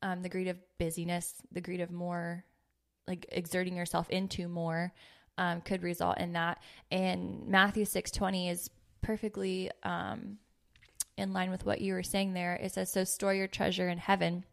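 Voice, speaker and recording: Earnest woman host with vocal fry. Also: lowish voice, level tone, moderate pace. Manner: earnest, playful, reads scripture aloud. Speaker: podcast host. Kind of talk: casual faith podcast chat.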